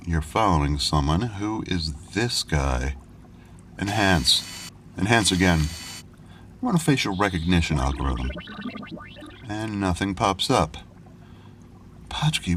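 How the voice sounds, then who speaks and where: Man, fussy and excitable, talks to himself, lively pitch, scripted audio drama. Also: a little hiss or hum. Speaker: corporate assistant character.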